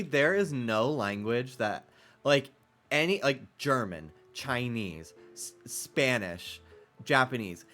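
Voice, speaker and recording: Male streamer, bright and sharp tone, sarcastic rambler, faint background music. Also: medium pitch. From United States. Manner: rambling, profane, sarcastic, laughs often. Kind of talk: casual stream chat.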